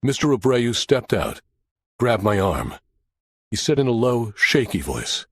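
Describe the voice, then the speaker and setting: A man giving an expressive, first-person audiobook narration of a crime thriller. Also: medium pitch, measured pace, slightly rough, no echo.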